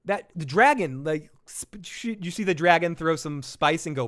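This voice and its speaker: A man's voice: fairly high pitch, expressive, a little fast, hardly any pauses, a bit bright. A man hosting a live episode reaction stream, talking casually with lots of swearing, laughs and self-deprecating jokes.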